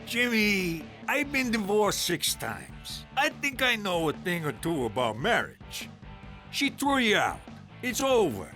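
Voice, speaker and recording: A man's voice: high voice, sing-song, slow pace, pushed and bright, faint music behind, exaggerated voice. An actor voicing a crude, brash male mobster uncle in an adult cartoon. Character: crude older mobster uncle, divorced six times.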